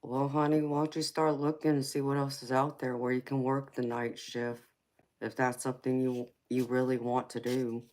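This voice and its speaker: Flat-toned Southern woman chatting with viewers. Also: a bass voice, normal speed. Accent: Southern US, Georgia. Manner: affectionate, calls viewers sweetheart and baby. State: fighting a cold. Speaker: tarot livestream host. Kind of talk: casual live chat reading comments.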